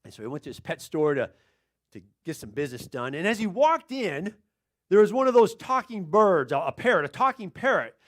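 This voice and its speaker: A male pastor preaching a sermon, telling a story in an animated, chuckling way. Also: sits high, fairly quick.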